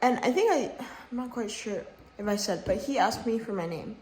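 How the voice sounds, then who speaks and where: A woman's voice: fairly high pitch, expressive, moderate pace, a little mellow. A teenage girl telling a work story in a casual vlog into her phone, heated and slangy, full of fillers and swearing. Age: teens. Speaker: vlogger. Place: at home, just woken up. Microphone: phone camera.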